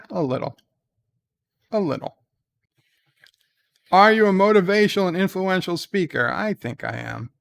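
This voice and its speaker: A man hosting his show in casual chat, reading quiz questions aloud and answering with dry, deadpan humor. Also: vocal fry, no echo. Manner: reads questions brightly, answers low and mumbled. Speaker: show host. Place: at home.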